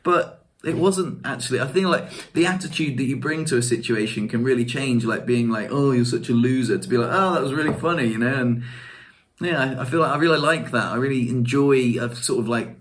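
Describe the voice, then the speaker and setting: A man's voice: medium pitch, fairly quick. A young man telling stories in a casual vlog, chatty and self-mocking, laughing often. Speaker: vlogger.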